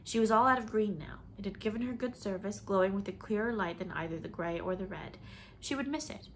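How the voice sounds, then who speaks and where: A woman reading a novel aloud in measured, expressive storybook narration. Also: mid-range voice, a little hiss or hum. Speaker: audiobook reader.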